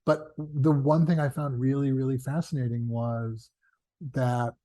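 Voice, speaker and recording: A man being interviewed as a television showrunner, telling chatty, animated stories and acting out the dialogue he quotes. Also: measured pace, no room sound. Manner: animated, acts out quoted dialogue with big pitch jumps; chatty, self-correcting, laughs at own asides. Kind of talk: casual interview storytelling.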